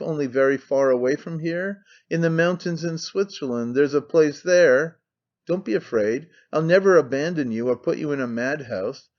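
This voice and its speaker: A man's voice: a little high, a little mellow, lo-fi sound, lightly acted. A male audiobook reader voicing a proud, impatient nobleman who speaks in a commanding, cold way.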